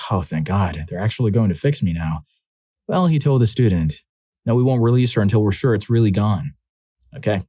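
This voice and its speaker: A man narrating scripted first-person stories with a steady, wry delivery. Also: on the low side, dry recording.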